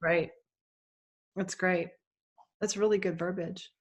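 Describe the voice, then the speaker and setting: A woman hosts a casual team meeting, responding to others with encouragement. She picks up phrases she likes and repeats them back warmly. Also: fairly low pitch, fairly even intonation, slow, dull audio. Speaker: team leader hosting a meeting.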